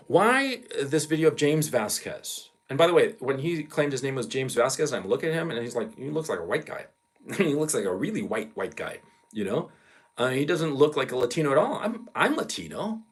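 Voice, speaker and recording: A man's voice: a little high, husky. A man giving a ranting commentary vlog in a profane, emphatic way, hammering his points again and again.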